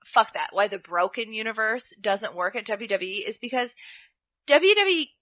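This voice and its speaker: Young woman podcast co-host, animated storyteller, bright tone, dry close sound. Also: on the high side, moderate pace, no echo. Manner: animated storytelling, acts out quotes in playful voices. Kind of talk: casual chat recapping wrestling.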